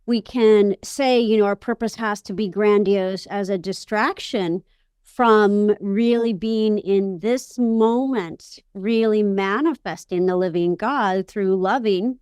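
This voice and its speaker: Slow, smooth-voiced woman host. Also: medium pitch, dry recording, clean studio sound. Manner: soft affirming murmurs, slow reflective speech. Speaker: podcast host. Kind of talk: interview chat.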